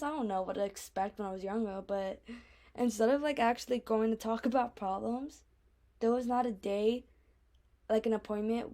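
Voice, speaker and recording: A woman's voice: medium pitch, darkish tone. A woman in her twenties hosting a casual solo podcast, rambling along with plenty of fillers. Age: 20s. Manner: rambling, filler-heavy, chatty. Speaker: podcast host.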